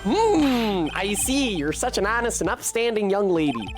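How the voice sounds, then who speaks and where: A woman's voice: mid-range voice, big pitch swings, normal speed, over music, voice pushed up, lightly acted. Woman doing a cheerful, gullible old judge. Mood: fawning. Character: cheerful, easily swayed old male judge.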